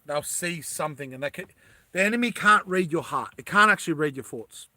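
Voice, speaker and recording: A man's voice: on the high side, expressive, brisk, pushed and bright, no echo. A man talking casually on a livestream, rambling and often laughing as he addresses his viewers.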